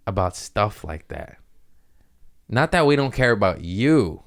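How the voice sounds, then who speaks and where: A deep-voiced male comedian rambles through a loose, profane monologue on his podcast. His voice is low and smooth, and he keeps chuckling at his own jokes. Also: very animated, measured pace.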